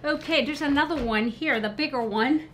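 Gushing, excitable woman vlogger. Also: high-pitched, moderate pace, noisy background. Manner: gushing and excitable, with gasps and soft exclamations. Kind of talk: casual unboxing chat.

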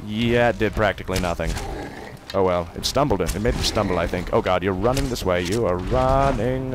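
A man doing let's play commentary, swinging from excited yelling and taunts to quiet muttering. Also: lowish voice, fairly quick. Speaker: gamer.

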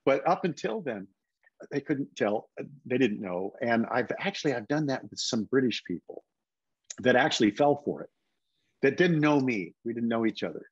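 An older man, husky and close to the mic with no room sound, tells stories in an easy interview. He drops into quick impressions when quoting people. The call audio is dull and lo-fi. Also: medium pitch, animated, no echo. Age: 70s. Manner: anecdotal, slips into put-on voices for quotes. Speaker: guest actor. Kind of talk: casual interview storytelling.

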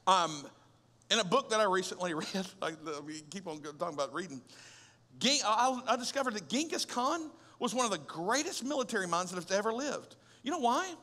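High, bright pastor preaching. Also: male voice, fairly quick. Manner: conversational and animated, with rhetorical questions and humor. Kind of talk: sermon. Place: large church auditorium. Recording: long hall reverb.

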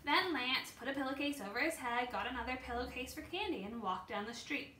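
Bright-voiced woman reading a picture book. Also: sits high, expressive, brisk, slight background noise. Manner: storytelling, with small slips and ums. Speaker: teacher reading picture books aloud. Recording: echoey room.

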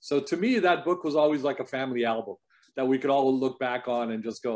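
Man, mid-pitched, easygoing, rambling recollection. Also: a little fast. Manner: relaxed, filler-heavy, reflective. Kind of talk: casual recollection.

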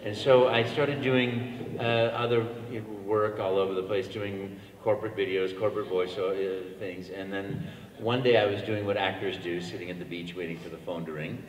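A man's voice: lowish voice, moderate pace. Rambling older man in echoey hall. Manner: animated, rambling anecdotes with restarts. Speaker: voice actor, panel guest. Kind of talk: convention panel storytelling. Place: large convention hall. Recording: echoey convention hall, mic from far.

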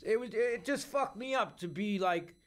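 A middle-aged man with a New York accent telling profane, animated stories in a casual interview. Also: high voice, normal speed. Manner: profane, animated storyteller who acts out quoted voices. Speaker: podcast guest.

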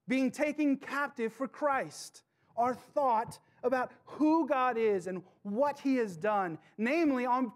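Fervent male preacher. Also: very high voice. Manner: passionate preaching with dramatic pauses and direct questions to the congregation. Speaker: pastor. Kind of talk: sermon.

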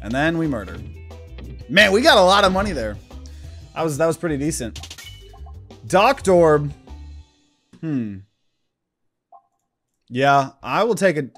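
Animated man doing game commentary. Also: a little high, a little slow, pauses often, faint music behind. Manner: casual, animated, thinking aloud. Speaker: gaming channel host. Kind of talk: let's-play commentary.

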